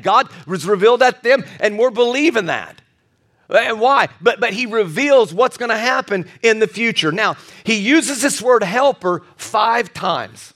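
High-voiced man preaching a sermon. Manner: animated preaching, storytelling with bursts of shouting. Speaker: pastor.

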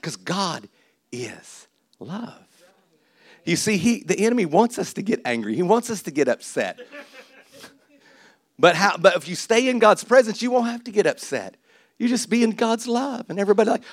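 A male pastor preaching a sermon, swinging between loud exhortation and quiet asides with laughter. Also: sits high, big pitch swings, moderate pace, no room sound. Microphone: handheld or stage mic.

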